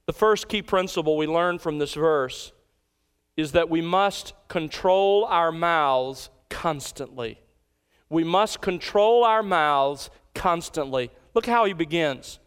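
Guy preaching a sermon, kinda high voice, clear and ringing, hammers key lines slow. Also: fairly bright tone. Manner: emphatic, repeats key lines slowly for emphasis. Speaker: pastor.

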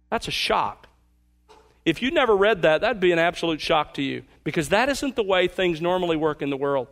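A man preaching as pastor, earnest, asking his listeners pointed questions and slowing down for emphasis. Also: high-pitched, animated, a bit bright. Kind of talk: sermon.

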